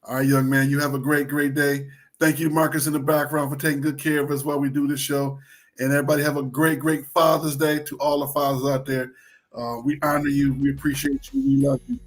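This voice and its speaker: A man's voice: on the high side, little pitch movement, a little fast. A man co-hosting a sports talk show, chatting casually, repeating phrases and plugging other shows.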